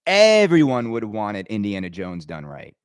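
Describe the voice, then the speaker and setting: A man's voice: fairly low pitch, wildly swooping pitch, moderate pace, clear, resonant tone, no room sound. Fired-up man ranting, dry close sound. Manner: emphatic and rambling, with frequent stammered restarts. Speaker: podcast host. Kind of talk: opinionated podcast rant.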